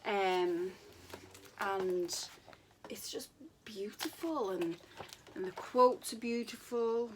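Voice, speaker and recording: Woman book vlogger at home, unhurried and effusive, middle-pitched voice. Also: slight background noise. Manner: gushing, repeats words for emphasis. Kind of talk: casual book recommendation vlog.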